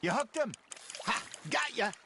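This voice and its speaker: An actor playing a wry, seasoned outlaw who spins folksy, unhurried fishing yarns in a video game. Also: male voice, very high voice, animated, background noise, exaggerated voice. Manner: folksy, unhurried yarn-spinning.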